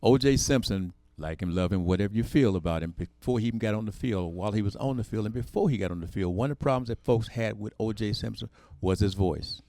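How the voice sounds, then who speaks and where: A man hosting a talk show, speaking in a steady, measured way and affirming his guest often. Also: on the low side, no echo. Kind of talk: casual talk show chat.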